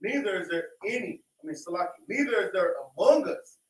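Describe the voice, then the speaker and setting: A man's voice: high-pitched, animated, brisk, far from the mic. A man reading Bible verses aloud, plainly and steadily. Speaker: scripture reader. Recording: echoey room, off-mic.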